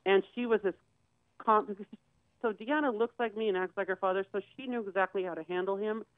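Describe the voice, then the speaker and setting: A woman guest on a talk show briskly shares a personal story with candor, taking on the voices of the people involved. Her voice is mid-range, and the recording is dry and tinny, like a phone, with no room sound.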